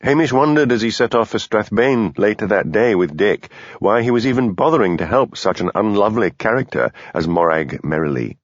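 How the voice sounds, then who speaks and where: Brief: low-voiced male narrator, animated mystery reading, dry muffled studio sound. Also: fairly quick, no room sound. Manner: lively, expressive reading. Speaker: audiobook narrator. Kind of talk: scripted narration.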